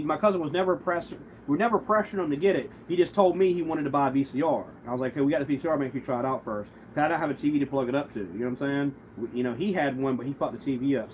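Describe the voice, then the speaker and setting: Male livestreamer, higher-pitched, profane and aggrieved, rambling retelling; muffled lo-fi audio with faint hiss. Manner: rambling, with many restarts and quoted back-and-forth. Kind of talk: casual livestream rant. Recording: muffled lo-fi stream audio, faint background noise.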